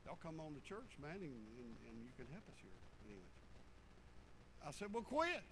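A man preaching a folksy sermon, swinging from fervent loud passages to low muttered asides. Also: very animated, a little fast, background noise.

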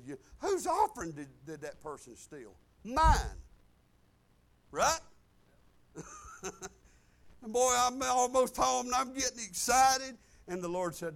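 A middle-aged man, preaching a folksy, animated sermon full of personal stories and bursts of loud emphasis. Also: high voice, normal speed. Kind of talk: sermon storytelling.

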